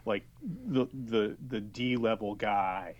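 A man's voice: on the low side, steady tone, takes it slowly, a little mellow, lo-fi sound. A man on a podcast, telling an anecdote in casual chat with hesitant restarts. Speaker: podcast co-host.

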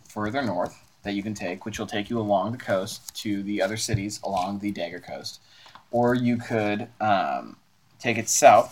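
A man's voice: on the low side, slight background noise. A man narrating as game master of a tabletop game, playful and laughing as he describes scenes.

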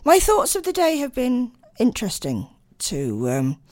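A woman's voice: on the high side, huge pitch swings, a little slow, darkish tone, dry recording, studio quality. Rambling, tired woman radio host. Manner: rambling, chatty, with many ums. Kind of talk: late-night radio chat.

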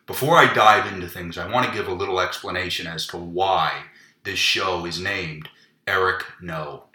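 A man hosting a comedy podcast, telling crude stories in a deadpan monologue. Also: sits low, normal speed. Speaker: podcast host. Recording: echoey room.

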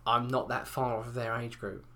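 A man's voice: mid-range voice, flat delivery, normal speed, pushed and bright. A man, ranting and swearing in casual chat, often acting out other people's voices. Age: 20s.

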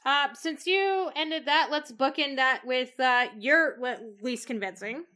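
A woman's voice: high voice, measured pace, sharp tone. A woman co-hosting a podcast in casual chat, reading listener questions in a laid-back way. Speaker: podcast co-host.

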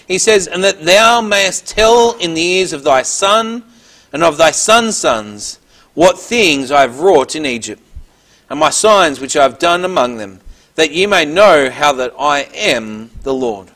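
A man's voice: sits high, a bit bright. A man preaching a Bible teaching, reading verses aloud and then explaining them in plain words. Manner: reads scripture aloud then explains it, with small restarts.

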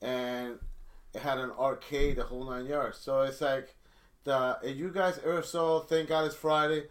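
A man's voice: medium pitch, steady tone, normal speed. A middle-aged man telling a long story in casual chat, rambling with many restarts. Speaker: storyteller guest.

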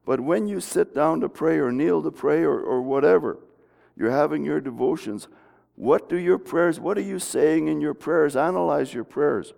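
A man's voice: a little high, moderate pace, gravelly, a little mellow. A middle-aged man preaching a folksy, conversational sermon in a church, often restarting his sentences. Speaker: pastor. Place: church sanctuary. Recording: long reverb of a church hall.

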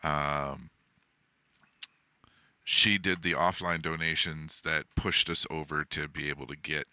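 Deep-voiced guy hosting a podcast from his desk chair, loose and swears a lot, super crisp and bright. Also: little pitch movement, slow pace, no echo. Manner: loose and profane, rambling with fillers. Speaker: podcast host. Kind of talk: casual podcast chat. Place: home setup, seated in a desk chair.

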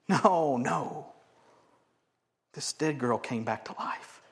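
Animated man preaching a sermon. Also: on the high side, slow pace, long pauses. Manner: animated, swings from loud acted-out quotes to quiet asides. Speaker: pastor.

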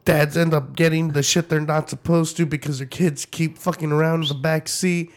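A man's voice: fairly high pitch, steady tone, normal speed. A middle-aged man in casual comedic chat, swearing freely and laughing often as he tells family stories. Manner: profane, laughing often, mimics others.

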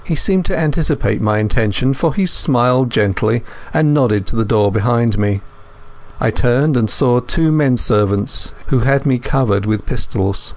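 A man reading a first-person thriller as an audiobook narrator, in a measured, steady manner. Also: medium pitch.

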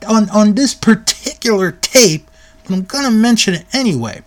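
A man giving a casual, chatty recap of an old wrestling tape, laughing at moments and mimicking the people in it. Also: sits high. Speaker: wrestling history reviewer.

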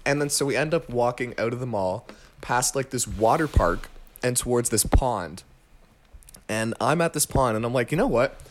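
A man's voice: mid-range voice, lively intonation, normal speed. A young man casually telling a story among friends, rambling with lots of fillers and laughing at himself. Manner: rambling, filler-heavy, self-amused.

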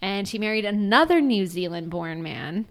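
Giggly woman co-host, casual chatty storyteller, middle pitch. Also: expressive, normal speed. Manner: giggly, laughs often while telling a story. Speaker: podcast co-host. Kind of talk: casual true-crime podcast chat.

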